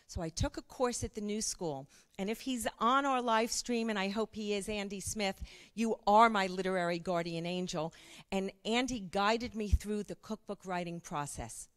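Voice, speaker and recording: An older woman, a cookbook author, telling a lively anecdote at an event and acting out the dialogue. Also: mid-range voice. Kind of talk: storytelling talk at an event.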